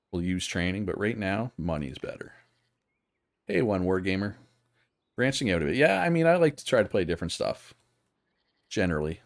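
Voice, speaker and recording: A man's voice: low-pitched, no room sound, studio quality. A man casually talking through a strategy game on a live stream, thinking aloud and chatting with viewers. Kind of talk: live gameplay commentary.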